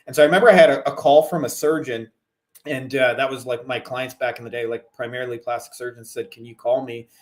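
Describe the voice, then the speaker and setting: A man's voice: medium pitch, steady tone, fast. A middle-aged man from Canada, speaking as a podcast guest. His talk is casual and rambling, full of "like" and restarts. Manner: rambling, heavy on "like" fillers. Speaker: guest, digital marketer. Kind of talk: casual chat.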